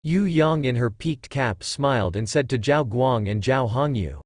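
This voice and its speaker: A man with a synthetic voice narrating a light novel audiobook in an even, steady reading. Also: medium pitch, a little slow, no echo, studio quality.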